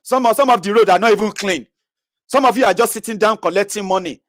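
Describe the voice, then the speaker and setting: Man putting on high sneering male troll, loud and taunting. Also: fast talker, no room sound, clean studio sound, natural voice. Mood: mocking. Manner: jeering, taunting questions. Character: sneering male online critic, scornful and loud.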